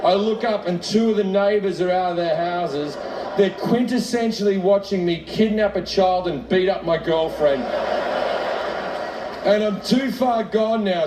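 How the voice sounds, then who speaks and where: Profane stand-up comic, high voice, echoey. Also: male voice, normal speed, a loud crowd. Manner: profane, self-mocking storytelling with laughs. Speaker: stand-up comedian. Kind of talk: stand-up comedy routine. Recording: echoey, distant, noisy live recording.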